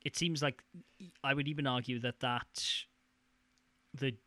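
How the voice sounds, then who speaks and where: Man, bright tense voice, animated podcast banter, dry close sound. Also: mid-range voice, no room sound. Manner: animated, quick to jump in. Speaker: podcast co-host. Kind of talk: casual chat.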